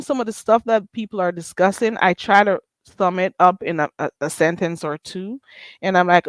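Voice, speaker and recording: A woman's voice: on the low side, lively intonation, moderate pace, dry recording. A woman with a Caribbean accent hosting her own channel, chatting casually and bluntly to her viewers in a sassy, rhetorical way. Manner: blunt, sassy, rhetorical, reads chat names aloud. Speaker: channel host. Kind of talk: casual livestream chat.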